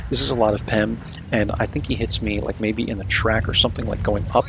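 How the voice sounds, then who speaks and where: A man's voice: fairly low pitch, expressive, fast, creaky, noisy background. A man casually talking through replays of his own games as the video's host, laid-back and chatty, often checking in with "right?".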